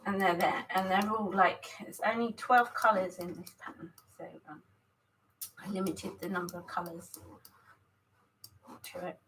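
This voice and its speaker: A woman hosts a relaxed live stream as she gets ready to paint, chatting in a loose, scattered way and greeting viewers one by one. Her voice sits at an ordinary middle pitch, and laughter keeps breaking into her talk. A faint hiss runs under everything. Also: moderate pace, long pauses, rough recording. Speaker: artist hosting a live stream. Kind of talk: casual live-stream chat while setting up to paint.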